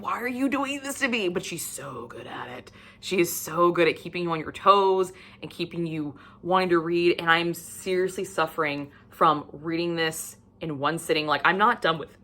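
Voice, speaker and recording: A woman book vlogger chatting casually and gushing about what she is reading, animated and cursing freely. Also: fairly low pitch. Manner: gushing and animated, with frequent swearing. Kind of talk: casual book review chat.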